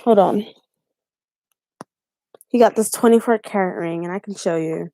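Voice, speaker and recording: A woman's voice: mid-range voice, moderate pace, warm tone, dry recording. A young woman from Haiti, a YouTube vlogger, telling a story in casual live-stream chat with fillers and laughs.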